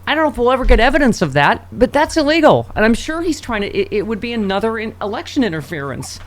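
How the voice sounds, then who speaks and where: A woman's voice: on the high side, very animated, fast talker. A woman hosting a political talk radio show, quippy and sarcastic, often laughing.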